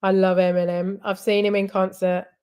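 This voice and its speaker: A woman's voice: mid-range voice, little pitch movement, normal speed, a little mellow, smooth. A woman hosting a casual live chat, rambling and giggling as she talks. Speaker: livestream host.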